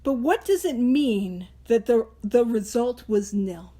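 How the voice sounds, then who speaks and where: A woman hosting a recovery book study, explaining the reading in a casual, animated way and acting out little voices and jokes. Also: a little high, slow pace. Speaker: host of a Big Book study. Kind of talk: casual teaching talk.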